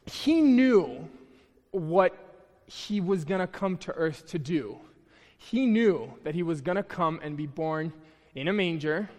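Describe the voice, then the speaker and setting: A man's voice: sits high, long reverb tail. A young man giving a casual, conversational sermon at a church, chatty and self-deprecating, with frequent restarts. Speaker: preacher. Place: church hall.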